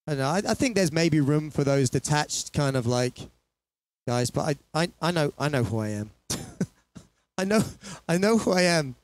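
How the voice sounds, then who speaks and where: This man's slightly high voice is animated and moves at a moderate pace. Performing online from his small home studio, he rambles and chats between songs, often laughing at himself.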